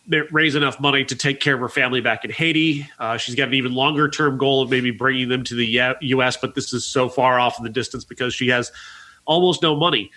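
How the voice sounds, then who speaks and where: A man's voice: mid-range voice, bright, forceful tone. A man reviewing films on a podcast, recounting a plot at length with frequent fillers. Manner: earnest, recounts plots at length with many uh fillers. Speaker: podcast film critic. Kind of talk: casual podcast movie review.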